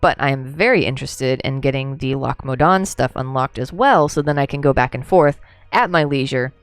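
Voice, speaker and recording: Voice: mid-range voice, moderate pace, smooth, no room sound, soft background music. A game streamer chatting casually through a livestream, rambling, laughing and answering chat, a few drinks in.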